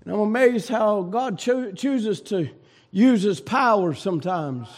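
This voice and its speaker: Male pastor, very high-pitched, delivers a sermon in shouting bursts with quiet dips. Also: expressive, unhurried. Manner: shouting preaching cadence that drops low and soft. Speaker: preacher.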